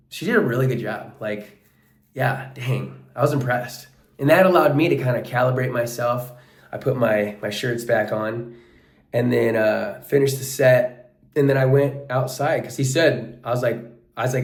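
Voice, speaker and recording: A man's voice: medium pitch, normal speed, echoey room. A man talking casually as a coach in a vlog, earnest and full of "like" and "bro", sweaty after a workout. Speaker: wrestling coach and life coach.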